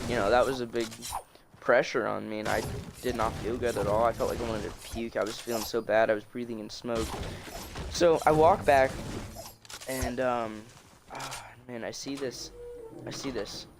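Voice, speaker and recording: A man's voice: mid-range voice, steady tone, normal speed, gravelly, noisy background. A young man telling a personal story in a casual, rambling way, with many fillers and restarts, recorded on a phone. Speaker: storytelling vlogger. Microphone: phone screen recording.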